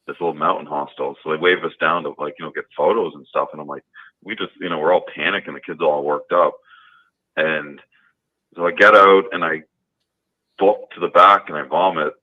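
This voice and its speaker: A man's voice: a bass voice, steady tone, brisk. A man calling in to a talk show, telling a personal story in a rambling way, full of fillers and restarts. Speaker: caller. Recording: tinny phone line.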